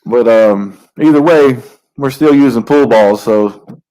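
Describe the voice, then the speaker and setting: A man's voice: medium pitch, slow pace, warm tone. A man co-hosting a comedy show, telling profane, heated stories in a crude rant.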